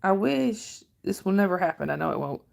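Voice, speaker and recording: A woman's voice: mid-range voice, expressive, a little fast, vocal fry, darkish tone. A middle-aged woman from northern Georgia with a Southern drawl, chatting on her livestream and answering viewer comments in a rambling, friendly way. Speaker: livestream host. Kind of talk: casual livestream chat.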